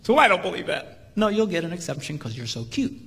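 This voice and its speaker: Animated male preacher in a reverberant hall. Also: quick pace, gravelly. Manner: animated, jumps to high voices for quotes, laughs. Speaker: marriage seminar speaker. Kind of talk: humorous sermon storytelling. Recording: live hall with long reverb, faint ambience.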